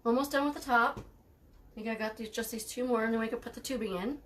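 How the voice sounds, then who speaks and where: A woman's voice: fairly high pitch, fast, fairly bright tone, a little hiss or hum. A woman hosting a live craft tutorial, chatting casually while she works, thanking viewers by name and laughing easily with dry sarcasm. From United States.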